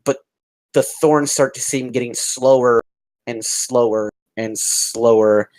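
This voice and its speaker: A man's voice: medium pitch, steady tone, slow, darkish tone, poor audio. A man narrating as dungeon master, describing the scene vividly and rambling with fillers. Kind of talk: narrating a tabletop game.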